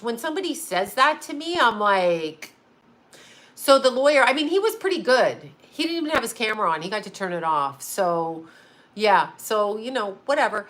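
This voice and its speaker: A woman's voice: mid-range voice, sing-song, normal speed, a bit bright, a little hiss or hum. A middle-aged woman, host of her own channel, talking casually in a rambling, emotional way and swearing freely. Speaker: psychic medium and channel host. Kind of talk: casual livestream chat.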